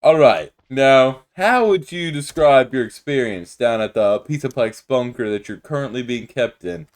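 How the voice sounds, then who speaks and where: A man's voice: mid-range voice, animated, moderate pace, lightly acted. A man voicing a flustered male judge in a Minecraft roleplay, stumbling over his words as he runs the court. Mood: judging.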